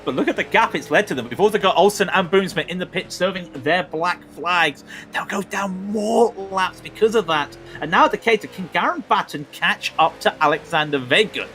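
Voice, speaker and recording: Male race commentator, high and lively, excitable and ranting. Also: moderate pace, hardly any pauses, faint music behind. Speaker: sim racing commentator.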